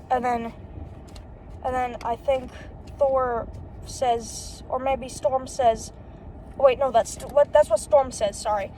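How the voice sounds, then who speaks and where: High-voiced woman reading a comic aloud haltingly. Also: steady tone, warm tone, slight background noise, poor audio. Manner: reads haltingly, repeating "and then she says" and correcting slips; adds brief unsure asides to the reading. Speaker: comic book reader.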